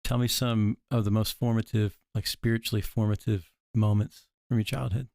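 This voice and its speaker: A man's voice: fairly low pitch, little pitch movement, normal speed, vocal fry, a little mellow, no echo. Encouraging male interviewer, dry sound. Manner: encouraging, short affirmations. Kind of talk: casual interview questions.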